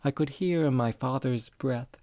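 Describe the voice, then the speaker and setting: A man reading a literary story aloud as narrator, quiet, measured and reflective. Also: mid-range voice, no room sound, clean studio sound.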